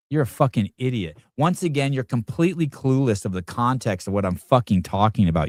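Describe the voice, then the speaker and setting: A man's voice: mid-range voice, lively intonation, brisk, few pauses, darkish tone, dry recording, studio quality. A man hosting a show, giving casual reaction commentary in a combative, profane rant aimed at his audience and producer. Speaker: podcast host.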